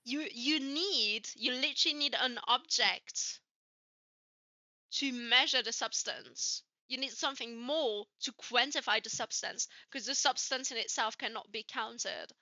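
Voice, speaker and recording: A woman's voice: fairly high pitch, a little slow, bright, forceful tone, no echo, dull audio. A woman from Switzerland with a light Swiss French accent, co-hosting a casual chat and swearing freely as she acts out the people in her stories. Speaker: podcast co-host.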